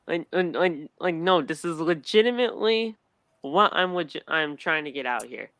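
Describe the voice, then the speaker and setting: A man's voice: a little high, expressive, normal speed, bright, forceful tone. A man casually recapping a wrestling show on a podcast, stammering and acting out quotes as he goes.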